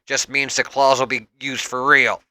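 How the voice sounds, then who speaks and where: A man voicing a gruff, menacing veteran mutant fighter in a comic read-aloud, speaking in curt lines. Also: mid-range voice, flat delivery, moderate pace, sharp tone, no room sound.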